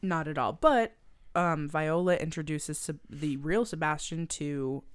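A woman's voice: low voice, a little slow, clear, resonant tone, dry recording, clean studio sound. A woman co-hosting a podcast, recapping a film with lots of swearing and emphatic quoted lines. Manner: profane, emphatic, quotes characters. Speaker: podcast co-host. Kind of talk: casual movie recap chat.

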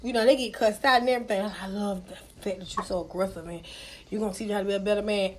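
A young woman in casual chat, telling stories loudly and brashly with plenty of cussing. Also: mid-range voice, expressive, racing, slight background noise. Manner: loud, brash storytelling, cussing freely.

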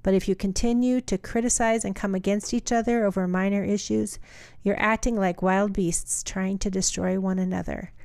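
A woman co-hosting a podcast, chatting casually and reading scripture aloud at a steady pace. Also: mid-range voice, normal speed, clear, resonant tone, no room sound, studio quality. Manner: reads aloud steadily, laughs easily. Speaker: podcast co-host.

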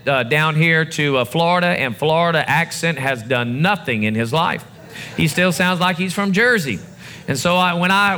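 A man's voice: fairly high pitch, pushed and bright. A male pastor preaching a sermon to his congregation in a church service, building his emphasis in a call-and-response way.

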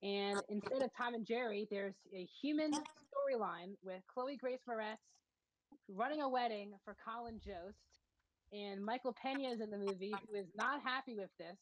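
A woman's voice: medium pitch, normal speed, poor audio. A woman co-hosting a podcast, reviewing movies in a matter-of-fact, casual way with frequent ums.

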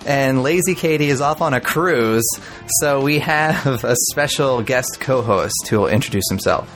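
A man hosting a casual podcast, leading relaxed, jokey banter with his co-hosts. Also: mid-range voice, unhurried, faint music behind. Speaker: podcast host. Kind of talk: casual chat.

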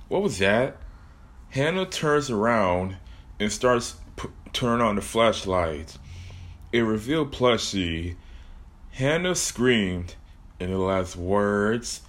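A man's voice: lowish voice, very animated, slow pace. A man telling a comic horror story with jokey asides about his own plot.

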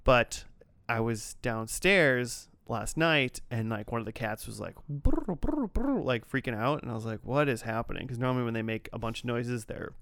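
A man's voice: medium pitch, fairly even intonation, normal speed, a bit bright, smooth, no echo. A man co-hosting a casual podcast chat, telling rambling stories with playful exaggeration. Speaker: podcast co-host.

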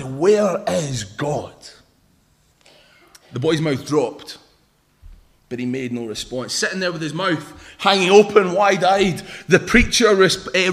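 A man's voice: sits high, fairly bright tone. A young man preaching a sermon in an informal, joking way, telling a story to the congregation. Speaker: pastor.

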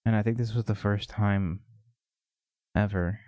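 Slow, low-voiced man musing on podcast. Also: fairly even intonation, dark tone, no echo. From United States. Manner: reflective, halting, with many pauses. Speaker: podcast host. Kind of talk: personal confessional podcast monologue.

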